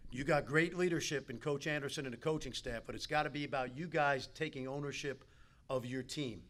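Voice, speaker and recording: A man's voice: mid-range voice, a little fast, slight background noise. A man giving a motivational keynote at a team dinner, telling stories and talking straight to the players. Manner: animated storyteller, talks straight to the players. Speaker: keynote speaker. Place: banquet hall.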